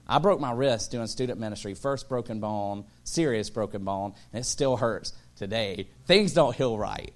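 A man in his thirties, a pastor, preaching a sermon full of humorous personal stories, acting out voices and rising to excited shouts. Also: fairly low pitch, moderate pace, few pauses. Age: 30s.

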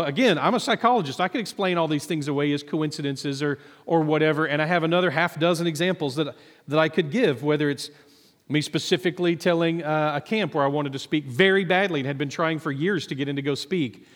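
Chatty man telling stories in an echoey hall. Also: on the high side. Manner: conversational, self-deprecating storytelling with many fillers. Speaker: minister and psychologist. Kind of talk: sermon testimony.

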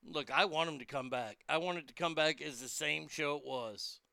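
A man with a very bright, gravelly voice talks in a loose, chatty monologue, swearing freely as he rambles from one thought to the next. His tone runs fairly high, smooth and crisp, and it sits close and dry on the mic. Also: moderate pace, no echo. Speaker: host.

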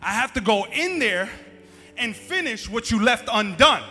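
A man's voice: very high voice, sing-song, measured pace, pushed and bright, exaggerated voice. A man voicing an exasperated wife who scolds her husband about chores, in an insistent, scolding manner. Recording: echoey hall, faint music.

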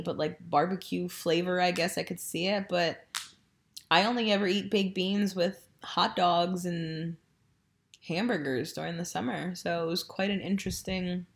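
A young woman casually chatting as a podcast co-host, telling a story animatedly and swearing freely. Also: fairly low pitch. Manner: storytelling, profane, animated when retelling. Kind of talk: casual chat.

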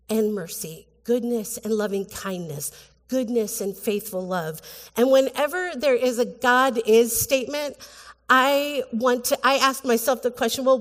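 Woman pastor, higher voice, earnest and halting delivery, church hall reverb. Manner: earnest, halting, with many restarts and fillers. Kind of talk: sermon. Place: church sanctuary.

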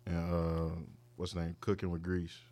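A man's voice: sits low, completely flat delivery, moderate pace, dark tone. A man in casual chat among friends, listing songs in a matter-of-fact way.

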